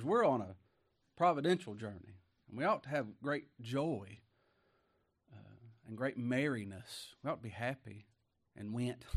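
Chuckling preacher man. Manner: chuckles often, tag questions to the congregation; bursts into high exclaims. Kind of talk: folksy sermon.

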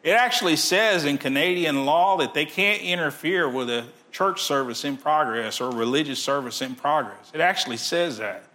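A man preaching a sermon, conversational and direct, sometimes dropping his voice very low. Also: animated, normal speed, few pauses, sharp tone. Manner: conversational preaching, drops to near-whisper at times. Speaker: pastor.

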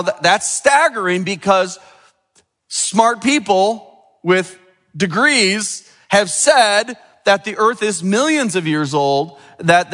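Preaching man in an echoing church. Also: sits high. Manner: asks the congregation rhetorical questions; lively preaching, swings from quiet to emphatic. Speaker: pastor. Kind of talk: sermon. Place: church sanctuary. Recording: long hall reverb.

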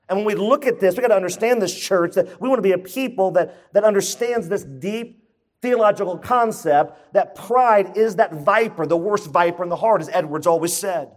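A man's voice: sits high, moderate pace. A pastor preaching to his church congregation, emphatic and conversational, repeating his key points and putting questions to the room. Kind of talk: sermon.

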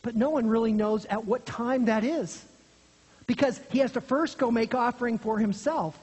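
Husky preacher going verse by verse, gets low and hushed to make a point, long hall echo. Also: moderate pace. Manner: earnest, drops low and quiet for emphasis. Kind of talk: expository sermon.

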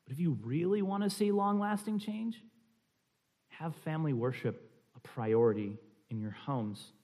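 A man's voice: medium pitch, fairly bright tone. A man teaching a church class on family worship, talking in a conversational, explanatory way with frequent restarts and fillers.

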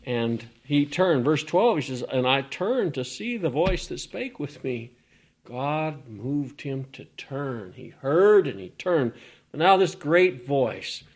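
A man preaching a sermon, reading scripture and building from hushed words to loud repeated phrases. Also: medium pitch, sing-song, slow pace.

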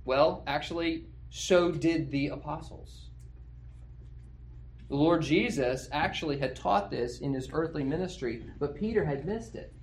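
A man's voice: on the high side, a little slow. A male pastor preaching an expository sermon in a conversational way, often checking in with his listeners through rhetorical questions.

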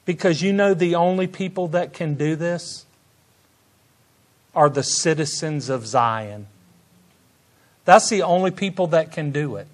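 Preacher guy, high voice, slow, gets loud then quiet. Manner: swings from soft, slow asides to loud, high exclamations of praise. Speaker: pastor. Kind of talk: sermon.

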